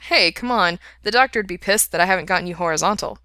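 A woman's voice: lowish voice, quick pace, sharp tone, smooth, no echo. A woman voicing an eager, easygoing young man with a lifted delivery. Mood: friendly.

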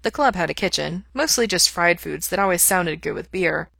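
Woman storyteller, lowish pitch, bright tone, dry close recording. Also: normal speed, gravelly, dry recording. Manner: steady, even storytelling narration. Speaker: audiobook reader. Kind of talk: fan fiction read aloud.

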